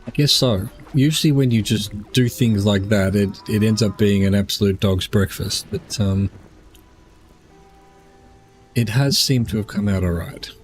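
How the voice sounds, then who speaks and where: A tired, yawning man streams a game, rambling casually as he plays, musing aloud and answering questions from chat. His voice is lowish and measured in pace, with faint music in the background.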